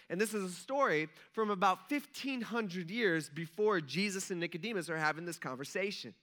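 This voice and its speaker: A male pastor with a high-pitched, bright, forceful voice tells a story from the pulpit. His delivery is loose and chatty, and he slips into quick acted-out lines of dialogue. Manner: conversational, chatty, acts out quotes, frequent "like". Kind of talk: casual storytelling sermon.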